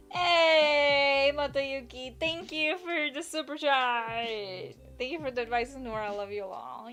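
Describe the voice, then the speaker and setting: A woman's voice: high voice, takes it slowly, fairly bright tone, soft background music. A woman live-streaming, giving advice in a chatty, rambling, self-mocking way and reading her chat aloud.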